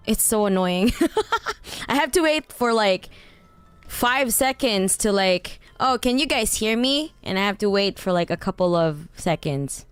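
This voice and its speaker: A woman's voice: on the low side, clean tone, no room sound. A woman streamer chatting casually with her viewers, slightly nasal today, laughing often and trailing off with fillers. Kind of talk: casual livestream chat.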